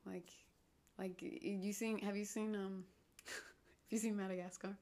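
A young woman talks through her solo podcast, wandering off topic and teasing herself, often sinking into a whisper. Her voice has a gravelly fry to it. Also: mid-range voice, little pitch movement, a little slow, a little mellow. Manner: digressive, self-mocking, drops into whispers. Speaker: podcast host.

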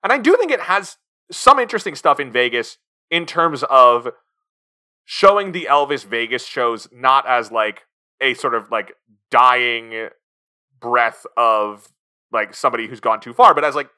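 A man's voice: mid-range voice, lively intonation, normal speed, sharp tone. A man co-hosting a podcast, chatting casually about a film and acting out scenes in put-on voices. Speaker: podcast co-host. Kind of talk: casual film review chat.

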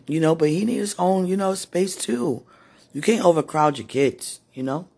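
A woman with a hoarse, husky voice, worn from preaching and crying, talking casually to God in a prayerful monologue and calling out to him between sentences. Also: sits low, animated, normal speed, dark tone. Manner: talks to God aloud, breaks into moans and exclamations. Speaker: street preacher.

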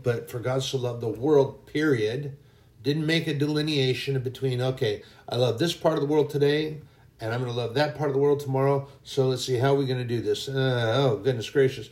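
A man's voice: mid-range voice, steady tone, normal speed, a little mellow. A man preaching an informal sermon in a folksy, emphatic way, now and then mocking people in a put-on voice.

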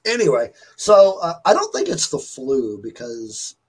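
A man's voice: a little high, big pitch swings, measured pace, slightly rough, rough recording. A man hosting a stream, telling a story in a rambling, chatty way full of fillers while still getting over a fever. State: recovering from a fever. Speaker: stream host. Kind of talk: casual chat.

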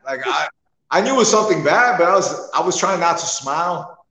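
A man's voice: on the high side, expressive, a little fast, pushed and bright. A man, a wrestler, chatting casually on a podcast and telling stories animatedly, laughing often. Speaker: wrestler guest. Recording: echoey room with long reverb.

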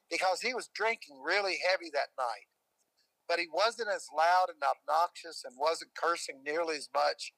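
Older man, guest, slightly high, bright voice, hesitant and rambling, dry sound. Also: no room sound, low-quality recording. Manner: halting, rambling, many fillers and restarts. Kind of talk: personal storytelling.

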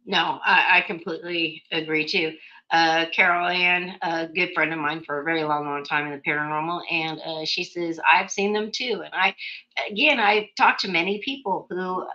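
Chatty lady host, bright voice, kinda dull lo-fi audio. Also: on the low side, fairly even intonation, moderate pace. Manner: chatty, reads listener questions, laughs easily. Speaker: radio show host. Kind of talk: casual chat.

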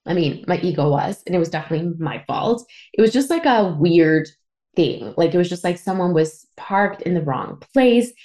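Woman, 30s, from Canada, podcast host, lower voice, raw candid storytelling with swearing and fillers. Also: animated, moderate pace, a little mellow. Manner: emotional, swearing, lots of fillers. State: tearful at times.

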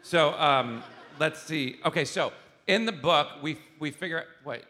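A man in his forties chats on a live stage, tossing in quick, playful jokes. His tone is bright and forceful. Long hall reverb and faint ambience surround him. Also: on the high side, a little hiss or hum. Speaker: guest interviewer. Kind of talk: live comedic chat. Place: live stage before an audience.

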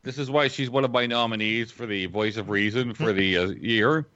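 A man co-hosting a podcast in casual chat, talking in an animated, emphatic way. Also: mid-range voice, moderate pace, no room sound, dull audio. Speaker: podcast co-host.

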